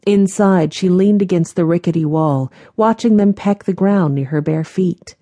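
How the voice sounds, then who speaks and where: A woman reading an audiobook as its narrator in a measured, gentle manner. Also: lowish voice, dry recording. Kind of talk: scripted narration.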